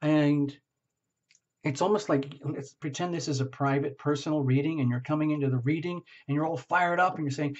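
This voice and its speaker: A man giving a casual tarot reading, talking gently and rambling, often checking in with "okay?". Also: on the high side, steady tone, a little fast, lo-fi sound. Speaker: tarot reader.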